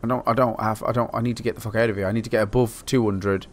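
A man from Britain giving excitable, swear-heavy let's play commentary, talking to himself as he plays. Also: on the low side, rapid-fire. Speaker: gaming channel host.

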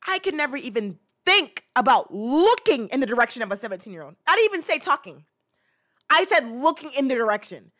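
A woman in her mid-twenties hosts a casual commentary podcast. Her voice sits a little high, and she talks in a loose, animated rant that is full of restarts and asides. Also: fairly quick. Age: 20s. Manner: animated, ranting, many restarts. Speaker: podcast host.

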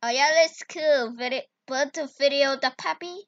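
A woman talking through a video editing tutorial in broken English, bursting into excited exclamations. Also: high-pitched, moderate pace, no room sound. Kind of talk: casual screen-recorded tutorial. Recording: dull lo-fi recording.

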